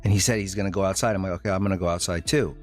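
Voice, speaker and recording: A man with a lowish voice talks casually to his live chat and tells the story in a loose, rambling way. He stops often, restarts his sentences and fills the gaps with ums and uhs. Faint music plays underneath. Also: steady tone. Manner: rambling, halting, with many fillers and restarts. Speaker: live streamer.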